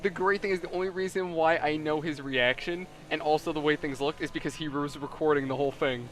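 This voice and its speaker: Laughing, animated gaming host. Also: male voice, on the high side, brisk, a little hiss or hum. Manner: laughing, animated storytelling with voiced quotes. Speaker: let's play host. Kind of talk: casual gaming chat.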